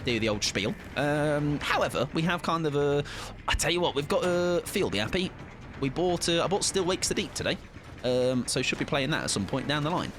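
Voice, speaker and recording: A man's voice: on the high side, lively intonation, brisk, a bit bright, a little hiss or hum. A man, chatting playfully while live-streaming a game and greeting viewers. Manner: playful, chatty, jokey asides. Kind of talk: casual live-stream commentary.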